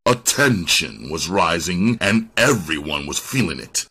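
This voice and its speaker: A man's voice: low voice, very animated, measured pace, pushed and bright, breathy edge. A man reading a crime novel aloud as an audiobook narrator, telling the story expressively. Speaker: audiobook reader.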